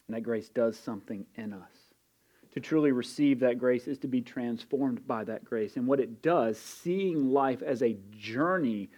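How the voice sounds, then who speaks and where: A man's voice: mid-range voice, normal speed, dark tone, highs cut off. A man preaching a sermon in an earnest way, repeating key phrases and building intensity as he goes. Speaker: pastor.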